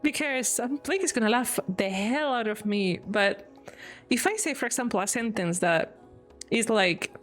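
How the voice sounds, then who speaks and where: Faint music plays behind a woman with a slightly high voice speaking at a moderate pace. She's from Spain and has a Spanish accent, chatting casually on a live stream, laughing frequently and explaining with examples.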